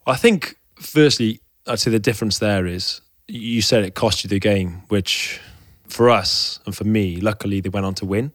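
A Welsh professional cyclist in his thirties, a podcast interview guest, speaks frankly and with open emotion, rambling and often restarting his sentences. His voice sits on the low side at a normal pace, in a dry, clean studio recording.

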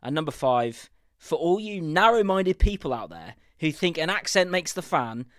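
A man's voice: fairly high pitch, big pitch swings, no room sound, studio quality. Upbeat southern English man hosting a podcast. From England. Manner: upbeat, brisk and a bit defiant. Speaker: podcast host. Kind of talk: scripted podcast intro.

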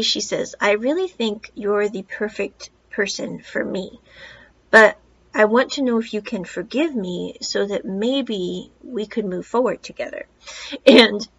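A woman's voice: medium pitch, creaky, a bit bright, husky. Woman podcast host, casual film reviewer, rambling asides, muffled lo-fi recording. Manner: chatty, rambling retelling with asides.

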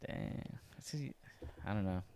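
A young man co-hosting a podcast, chatting casually in an animated, emphatic way and swearing freely. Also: normal speed, a little hiss or hum. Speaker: podcast co-host. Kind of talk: casual chat.

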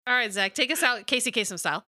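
A woman's voice: on the high side, lively intonation, quick pace, sharp tone, no room sound, studio quality. A woman hosting a podcast, chatting in a playful, teasing way. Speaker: podcast host. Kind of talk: casual chat.

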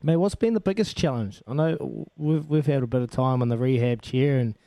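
A man's voice: mid-range voice, brisk, warm tone, no room sound. A man with a New Zealand accent co-hosting a radio show, joking and calling everyone mate. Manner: matey, joking, calls people mate. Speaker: radio co-host. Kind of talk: casual radio banter.

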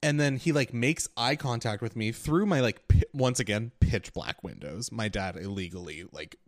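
A young man co-hosting a podcast, telling a story in casual chat, animated and full of filler words, acting out the quotes. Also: lowish voice, normal speed. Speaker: podcast co-host.

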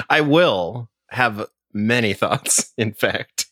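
A man's voice: lowish voice, expressive, very slow, bright, forceful tone, dry recording. Dry-sounding man with a wry delivery. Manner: wry, dry humor with chuckles. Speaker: podcast co-host. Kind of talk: casual podcast chat.

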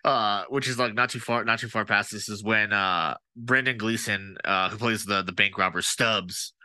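A man's voice: lowish voice, moderate pace, no room sound. A man co-hosting a podcast, chatting casually and profanely about a movie with lots of fillers. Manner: profane, animated, rambling with fillers. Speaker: podcast co-host. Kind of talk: casual movie-review chat.

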